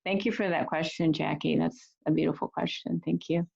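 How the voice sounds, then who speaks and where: Woman storyteller, fairly low, gravelly tone, earnest and gentle, muffled video call audio. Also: steady tone, fairly quick. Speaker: storyteller and teacher of refugee youth. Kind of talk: reflective storytelling talk.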